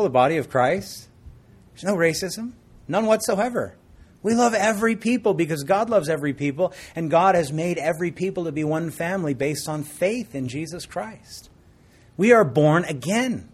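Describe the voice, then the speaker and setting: A man's voice: fairly high pitch, slightly rough. A man preaching a sermon as pastor, explaining scripture and joking with the congregation. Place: church service before a congregation.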